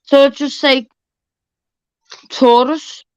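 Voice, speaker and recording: A woman's voice: sits high, a little fast, fairly bright tone, dry recording, dull audio. A woman on a video call, chatty and scattered in casual talk. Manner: scattered, chatty, half-sung asides. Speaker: panel guest. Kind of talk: casual chat.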